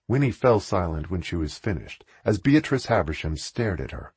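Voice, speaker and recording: Husky male audiobook narrator, low and animated, dry close sound. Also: normal speed, hardly any pauses, no echo.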